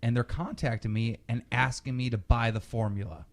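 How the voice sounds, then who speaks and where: Male podcast host, lively storyteller who acts out the quotes. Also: medium pitch, a little fast, gravelly.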